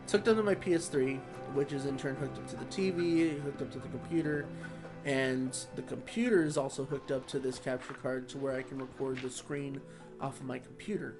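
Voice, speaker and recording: A man chatting casually over his gameplay, rambling and easygoing with many pauses. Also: medium pitch, fairly even intonation, over music. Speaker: gaming vlogger.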